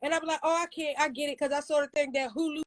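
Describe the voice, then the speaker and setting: Guest singer, woman with a Baltimore accent, high-voiced, joking and quick to tell stories, heard over a video call. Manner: joking, animated storyteller. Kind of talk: casual interview chat.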